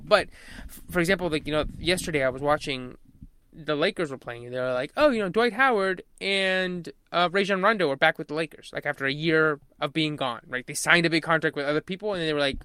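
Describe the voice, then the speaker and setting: A man co-hosting a casual sports podcast, rambling and swearing, acting out quotes in loud bursts. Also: a little high, smooth, no echo. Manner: rambling, profane, acts out quotes loudly. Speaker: podcast co-host.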